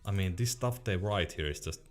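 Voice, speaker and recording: A young man hosts a relaxed livestream. He reads viewer questions aloud and answers in an easygoing, chuckling way. His voice sits low, and quiet music plays under his talk. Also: brisk. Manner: laid-back, laughs often, trails off and restarts. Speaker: streamer. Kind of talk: casual livestream chat, reading out chat questions.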